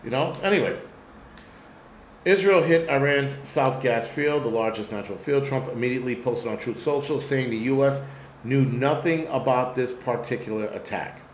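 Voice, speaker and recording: A man's voice: medium pitch, moderate pace, reverberant, a little hiss or hum. A man with a New York accent hosting a live-stream commentary, talking bluntly and swearing as he rambles. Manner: blunt, profane, rambling rant. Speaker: host.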